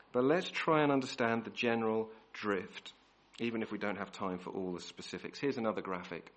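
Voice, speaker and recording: A man preaching a sermon, emphatic and repeating key words, often restarting his phrases. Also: lowish voice. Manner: self-correcting restarts.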